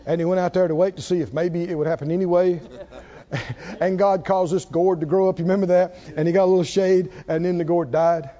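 A man preaching a sermon in a folksy, animated way, asking the congregation questions as he goes. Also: high voice, fairly quick. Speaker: pastor. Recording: dull lo-fi recording.

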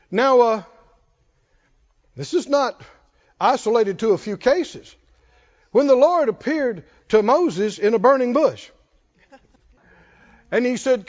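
A man's voice: very high-pitched, expressive, measured pace, pauses often, darkish tone. A man preaching a sermon, emphatic with call-and-response and chuckling asides, in a dull lo-fi recording.

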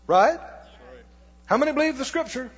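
A man's voice: extremely high pitch, expressive, normal speed. A man preaching a sermon as pastor in a church, with folksy turns of phrase and call-and-response with the congregation. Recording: dull lo-fi with long hall reverb.

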